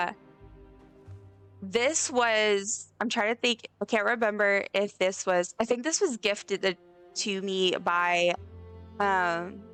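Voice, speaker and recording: Bright, chatty woman streamer. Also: mid-range voice. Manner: effusive, chatty, reads chat aloud. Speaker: livestreamer. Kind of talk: casual live-stream chat while gaming. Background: faint game music.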